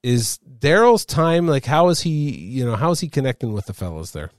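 A man's voice: mid-range voice, very animated, moderate pace, dry recording, studio quality. A man from Canada hosting a podcast, telling stories in casual chat and laughing easily. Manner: chatty storyteller, laughs easily. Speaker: podcast host.

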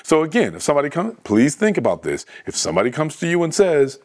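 A man preaching a sermon in a conversational, animated way, often restarting his words. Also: a little high, fast.

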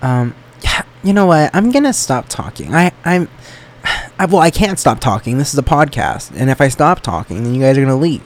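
A man's voice: mid-range voice, big pitch swings, moderate pace. A young man hosting a solo podcast, rambling in a joking, self-deprecating way. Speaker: podcast host.

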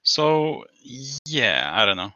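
A man's voice: lowish voice, very animated, takes it slowly, bright, forceful tone, dry recording, dull audio. A man co-hosting a podcast in casual chat, rambling and swearing, laughing often. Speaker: podcast co-host.

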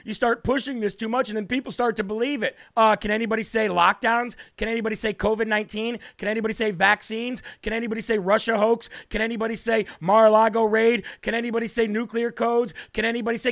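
A man's voice: sits high, steady tone, quick pace, gravelly, few pauses, a bit bright. A man hosting a live political talk show, ranting in a mocking, combative way and repeating lines for emphasis.

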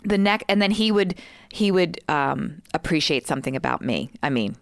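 A woman in her forties, a co-host explaining a communication tool in a measured, casual way with many fillers. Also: sits low, expressive, no room sound, clean studio sound. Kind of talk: explaining casually with role-play examples.

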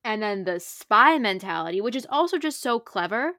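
A young woman co-hosting a podcast, chatting casually and gushing excitedly about books, swearing freely. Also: mid-range voice, normal speed, dry recording, clean studio sound. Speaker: podcast co-host.

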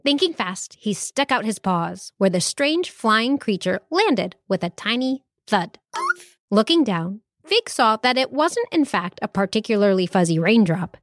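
A woman who hosts a children's podcast, reading a storybook aloud in a playful, unhurried way. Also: mid-range voice, big pitch swings, no echo, clean studio sound.

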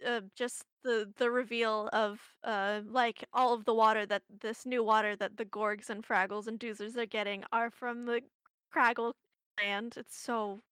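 A young woman co-hosting a casual podcast chat, easygoing and quick to laugh. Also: a little high, level tone, a bit bright, clean tone, no echo. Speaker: podcast co-host.

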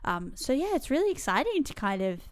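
A woman with an Australian accent co-hosts a casual podcast, reading out facts with a giggly, apologetic manner. Her voice sits a little high and comes through smooth and clear. The recording is dry and close. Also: sing-song, fairly quick, no echo. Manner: giggly, apologetic about pronouncing names. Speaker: podcast co-host. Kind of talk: casual chat.

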